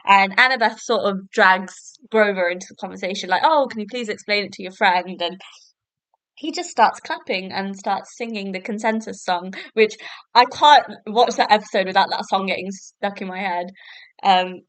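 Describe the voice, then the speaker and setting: A woman's voice: medium pitch, moderate pace, fairly bright tone, no room sound. A young woman, chatting casually as a podcast host and laughing often as she talks. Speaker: podcast host reviewing a TV episode. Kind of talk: casual review chat.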